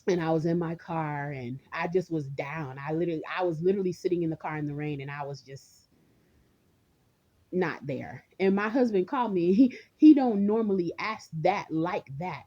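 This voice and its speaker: A woman's voice: lowish voice, normal speed, warm tone, highs cut off. A woman vlogger in a casual rant, rambling and chatty, talking straight to her viewers and laughing often.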